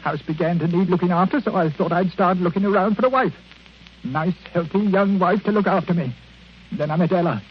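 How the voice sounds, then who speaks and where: Guy playing a grumbly self-pitying old man, high voice, old-timey radio drama. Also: brisk, natural voice. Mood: whining. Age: older. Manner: whining, grumbling. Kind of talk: 1940s radio acting. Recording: dull old radio recording, faint hiss.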